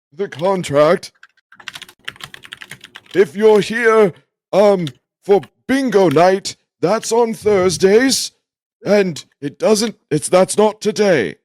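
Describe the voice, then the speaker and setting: A man playing a tabletop game who speaks in slow, rambling, drawn-out in-character speech. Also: high voice, animated, a little mellow, no room sound, studio quality. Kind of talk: tabletop role-play.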